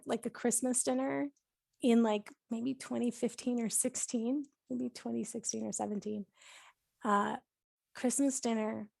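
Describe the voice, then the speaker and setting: Woman on a podcast, kinda high voice with lots of gravelly fry, chatty, says like a lot, dry close sound. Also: mellow, no room sound. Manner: chatty, heavy use of "like" and "you know", laughs often. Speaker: podcast host and cookbook author, interviewed. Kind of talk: casual conversational storytelling.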